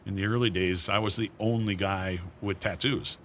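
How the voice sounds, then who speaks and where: A man's voice: on the low side, steady tone, normal speed, a bit bright, a little hiss or hum. A man being interviewed, telling casual stories and acting out the voices of people he quotes. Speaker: cigar brand founder, guest.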